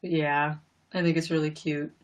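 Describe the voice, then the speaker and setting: A woman's voice: deep voice, level tone, normal speed. A young woman chatting casually on a live stream, gushing and rambling with lots of "like" and "you know.". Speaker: livestreamer.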